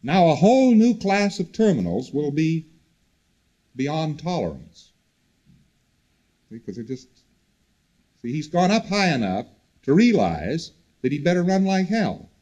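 Male lecturer, lively up-and-down delivery, conversational, repeats for emphasis, husky. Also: on the high side, unhurried, long pauses, muffled recording. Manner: conversational, repetitive, animated emphasis. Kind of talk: recorded lecture to students.

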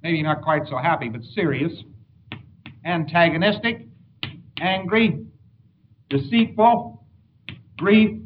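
A man's voice: fairly high pitch, slow, long pauses. A man giving a lecture in a wry, anecdotal way, acting out examples as he goes, on a dull old tape recording. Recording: dull lo-fi tape with faint hiss.

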